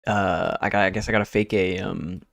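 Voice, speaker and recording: Young dude streaming, rambly and chill, low creaky voice, dry sound. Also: male voice, fairly even intonation, fairly quick, dry recording. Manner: rambling, easygoing, swears casually. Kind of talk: casual chat while working.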